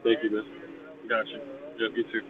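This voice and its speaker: A man's voice: fairly low pitch, monotone, moderate pace. A man chatting casually on a group call, rambling and swearing freely in a laid-back way. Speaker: podcast co-host. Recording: tinny phone-like line with faint hiss.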